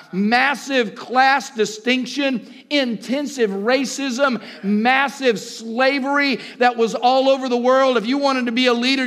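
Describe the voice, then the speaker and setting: High-voiced man preaching with fervor. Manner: impassioned preaching, rising to shouts and dropping low; repeats words for emphasis, calls out to the congregation. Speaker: pastor. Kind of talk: sermon.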